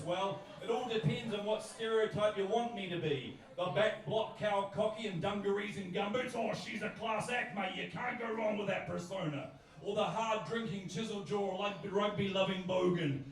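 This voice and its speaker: A man's voice: high voice, normal speed. A man from New Zealand with a New Zealand accent, performing spoken-word poetry live on stage with punchy, rhythmic, repeating wordplay. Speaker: poet. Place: live music bar on stage. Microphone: stage microphone. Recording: echoey club heard from a distance.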